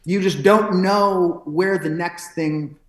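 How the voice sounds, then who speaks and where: Speaking slowly in a high-pitched, fairly even voice, a pro wrestler on a podcast reflects philosophically, frequently restarting his thoughts. The recording carries a roomy echo.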